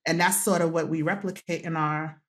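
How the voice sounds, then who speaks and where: A woman guest on a podcast with a notably low, deep-set voice. She tells personal stories with feeling and slips into acted-out quotes, laughing along the way. Her tone is warm conversation rather than a speech. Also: a little fast. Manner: animated storytelling, acts out quotes, laughs often. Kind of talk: heartfelt conversational storytelling.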